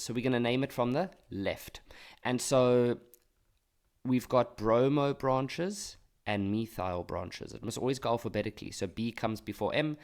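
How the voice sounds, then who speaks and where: A man's voice: medium pitch, measured pace, darkish tone, clear, resonant tone. A male teacher working step by step through an exam paper, explaining patiently. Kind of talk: exam walkthrough lesson.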